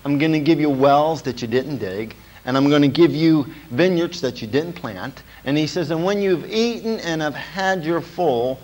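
A man preaching a sermon as a pastor, pausing to check in with "okay?" and building to emphatic points. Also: fairly high pitch, poor audio. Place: small church.

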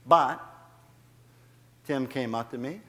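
A man preaching a sermon in a church, animated, building in volume and laughing at himself as he goes. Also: mid-range voice, slow pace, in a large hall, slight background noise. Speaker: guest preacher. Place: church sanctuary.

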